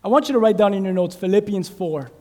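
A male preacher with a strikingly high voice teaches a sermon, tossing questions to the congregation and drawing their answers. His voice swells from quiet explanation to shouted emphasis. The sound carries a long reverb from the church hall. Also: quick pace. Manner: call-and-response preaching, asks the congregation questions, builds to shouting. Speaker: pastor. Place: church sanctuary.

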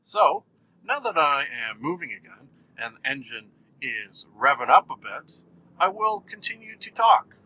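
Goofy podcast host talking while driving. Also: male voice, mid-range voice, very animated, measured pace, pushed and bright, breathy edge, poor audio. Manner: goofy, jokey, rambling. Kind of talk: casual solo monologue. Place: in a moving car.

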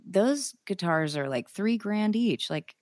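A woman's voice: medium pitch, animated, takes it slowly, a little mellow, no room sound, clean studio sound. A young woman, a singer-songwriter guest, chatting casually and enthusiastically with lots of fillers. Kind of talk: casual interview chat.

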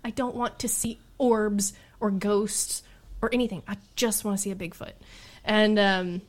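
A woman's voice: mid-range voice, measured pace. Exasperated woman telling a field story. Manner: animated, exasperated, laughing storyteller. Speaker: Bigfoot researcher guest. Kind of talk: casual storytelling chat.

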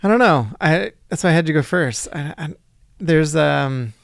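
A man's voice: fairly high pitch, expressive, moderate pace, creaky, no room sound, studio quality. A man co-hosting a casual church podcast, easygoing and agreeable, often chiming in with short yeses. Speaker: podcast co-host.

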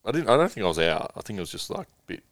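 A man's voice: lowish voice, very animated, rapid-fire, no echo, clean studio sound. A young man casually telling a long rambling story as a guest, swearing freely.

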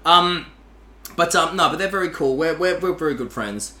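A man's voice: fairly high pitch, expressive, normal speed, pushed and bright. A man chatting as a playful, jokey guest on a podcast, at times demonstrating vocal technique. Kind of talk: casual chat. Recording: roomy echoey room.

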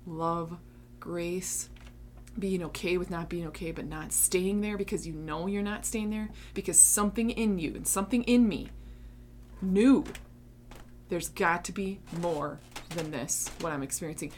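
A woman's voice: lowish voice, a little hiss or hum. A woman hosting a Christian talk show, speaking earnestly and emphatically, then praying over her listeners. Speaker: Christian podcast host. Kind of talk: faith-based talk and prayer.

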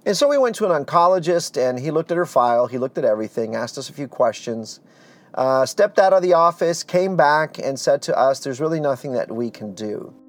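A man telling his life story as a testimony, earnest and animated, dropping to a hush at heavy moments. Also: fairly high pitch, a little fast. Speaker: speaker giving a personal testimony.

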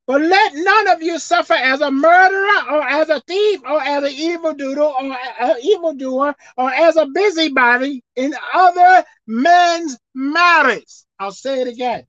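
A woman pastor delivers a sermon, dropping into low asides, rising to loud, shouted exhortation, and reading scripture slowly and deliberately. The recording is dry and slightly dull.

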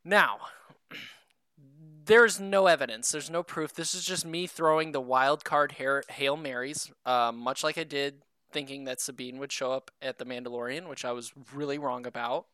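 A man's voice: medium pitch, fairly even intonation, normal speed, sharp tone, clean tone, no room sound. A man co-hosting a casual podcast chat. He rambles a little, swears casually and makes fun of himself. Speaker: podcast co-host.

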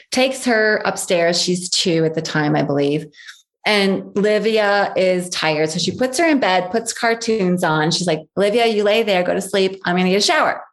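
Woman guest telling a family story, keeps repeating herself for emphasis, does little voices for the people in it. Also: lowish voice. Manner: emphatic, repeats key phrases; acts out others' voices in quotes. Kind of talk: personal storytelling.

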